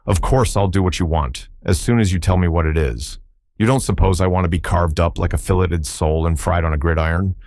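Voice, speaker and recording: Man voicing a cheerful young detective, flippant, unflappable, deep, dry sound. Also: fairly quick, a little mellow, no echo. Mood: breezy. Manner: breezy, unflappable, wry.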